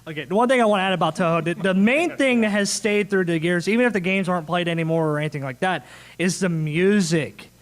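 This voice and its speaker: High-voiced joking panel moderator man. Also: fast. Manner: jokey, rambling, laughs often. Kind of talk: casual convention panel chat. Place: convention panel room.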